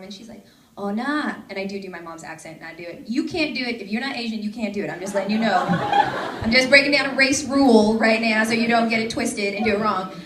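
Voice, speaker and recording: A medium-pitched woman in her thirties from the Seattle suburbs, a campus ministry staff speaker, gives a bubbly, joking conference talk into a stage microphone before a large audience. The audio has a little hiss or hum, with an echoey hall and crowd.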